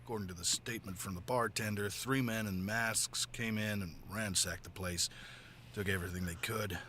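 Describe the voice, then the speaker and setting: A man voicing a video game detective who investigates a robbery in a matter-of-fact, brisk way. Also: on the low side, fairly even intonation, bright, forceful tone, a little hiss or hum.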